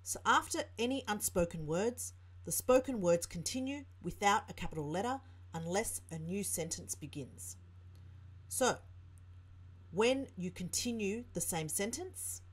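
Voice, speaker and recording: Woman tutor, Australian accent, husky low voice, lively pitch, lesson narration. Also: a little slow. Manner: clear explaining, reads example sentences aloud.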